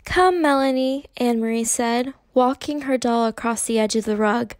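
A woman narrating an audiobook chapter in a measured storytelling manner. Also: on the high side, steady tone, a little mellow, no room sound. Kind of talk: scripted narration.

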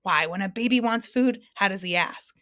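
A woman's voice: mid-range voice, moderate pace, fairly bright tone, no room sound, clean studio sound, natural voice. A woman voicing a fussy noise-selling doctor. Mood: persuasive. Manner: explaining, persuasive. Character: fussy male doctor who sells noise. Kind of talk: storybook narration.

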